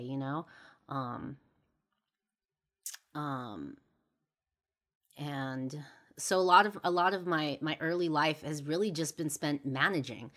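A woman's voice: deep voice, a bit bright. A young adult woman hosting a podcast, talking candidly and earnestly in a reflective monologue full of fillers and restarts. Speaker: podcast host.

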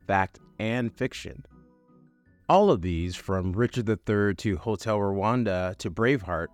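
Wry, lively-voiced male film reviewer. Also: on the low side. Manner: wry, conversational, self-aware asides. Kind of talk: scripted monologue review.

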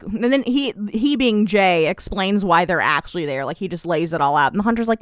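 Animated young woman chatting on a podcast. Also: lowish voice, a little fast, few pauses, no echo, clean studio sound. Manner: animated, laughing, many fillers. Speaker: podcast host. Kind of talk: casual chat.

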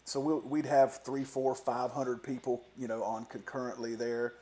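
Male interview guest, middle-pitched voice, casual, faint hum behind. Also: flat delivery, moderate pace, warm tone. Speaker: guest, worship singer.

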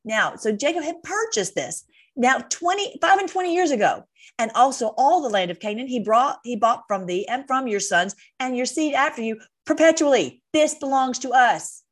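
A woman's voice: high-pitched, lively intonation, moderate pace. A woman teaching a Bible study, reading scripture aloud with frequent fillers and self-corrections, and breaking off into conversational, exasperated asides.

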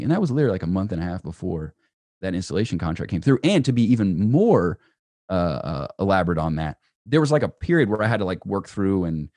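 A young man with a very low voice tells his story quickly as a podcast guest. He keeps tagging "right?" onto his sentences, and he sounds animated. The recording is dry and close. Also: no echo. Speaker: entrepreneur guest.

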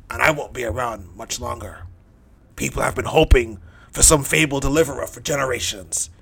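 A man performs a dramatic first-person monologue as a hardened, bitter thief dying on a cross, brooding, cynical and low-key. His voice is husky and a bit bright, with vocal fry.

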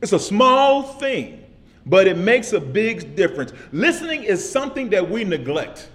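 A man with a high-pitched voice delivers a sermon in relaxed, everyday speech. He circles back on his phrases and keeps checking in with his listeners through a steady "amen?". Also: measured pace. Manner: repetitive call-and-response preaching with frequent "amen?"; casual vernacular speech. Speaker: pastor.

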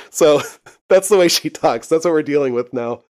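Speaking a little high with a darkish tone, this young podcast co-host chats casually through a recap of a TV episode. He laughs a lot and swears freely.

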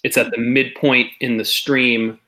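A man running a tabletop game as game master, laying out the scene slowly and piece by piece. His voice is bright and forceful, at an ordinary pitch for a man. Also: flat delivery.

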